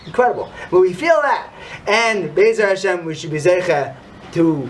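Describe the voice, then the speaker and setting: A man telling an inspirational story and drawing a religious lesson, swinging from hushed to emphatic. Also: sits high, animated, normal speed, a little hiss or hum. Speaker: storyteller and teacher.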